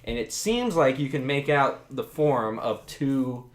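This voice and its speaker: A man leads a tabletop game as dungeon master, setting the scene for his players. His voice sits at an ordinary pitch, and he rambles loosely through the description with plenty of fillers. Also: animated, unhurried, reverberant.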